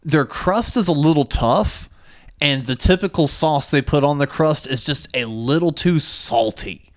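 Animated, swearing male podcast host. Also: on the high side, a little slow. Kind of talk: casual chat.

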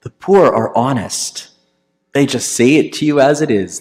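A man, a priest, telling a story in a sermon, conversational, with many fillers and restarts, acting out the people he quotes in louder, higher voices. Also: unhurried.

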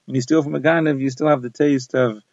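A man races through a Talmud page summary, words tumbling out fast. His voice has a gravelly, fry-edged texture, and the recording sounds dry and a little dull, as if on a basic mic. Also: medium pitch, fairly even intonation, no room sound. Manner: brisk, mixes Hebrew and Yiddish terms into English. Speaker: Talmud teacher. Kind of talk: rapid daf summary lesson.

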